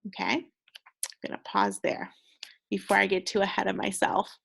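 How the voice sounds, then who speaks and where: A woman's voice: mid-range voice, level tone, moderate pace, gravelly, a bit bright. A young woman teaching second graders a recorded phonics lesson, patient and encouraging, sounding out words with care.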